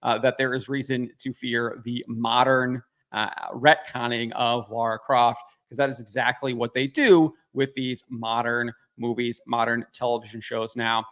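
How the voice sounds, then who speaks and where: A man's voice: medium pitch, flat delivery, unhurried, fairly bright tone. A man hosting his own channel, giving critical, dismissive commentary in a casual talking style with frequent fillers.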